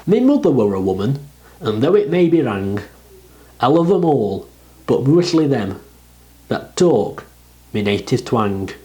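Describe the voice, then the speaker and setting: A man reading a dialect poem aloud, with expressive rises and falls in his delivery. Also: mid-range voice, measured pace, long pauses, rough recording. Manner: expressive, rising and falling delivery. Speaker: poetry reader. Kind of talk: dialect poetry recitation.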